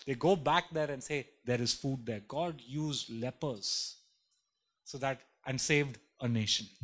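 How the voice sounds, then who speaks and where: A man's voice: on the high side, a bit bright. A man preaching a sermon emphatically, repeating lines and building in intensity. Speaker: pastor.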